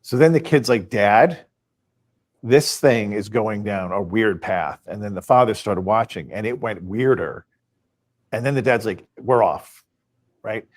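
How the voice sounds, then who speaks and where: A man's voice: on the low side, unhurried. A man on a podcast, casually retelling stories and acting out the quoted dialogue. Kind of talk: casual storytelling.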